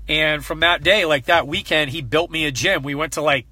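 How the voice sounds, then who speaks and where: Earnest man with a bright, forceful voice. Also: on the high side, normal speed, hardly any pauses, dry recording. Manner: earnest, emotional, fighting back tears. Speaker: coach. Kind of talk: heartfelt personal talk to a group.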